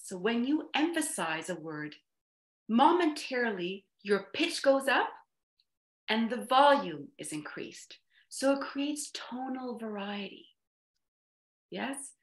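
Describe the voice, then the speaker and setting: Woman, presentation coach, video call, deliberate pacing, stresses key words, mid-pitched, echoey room. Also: fairly bright tone. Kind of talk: online workshop talk.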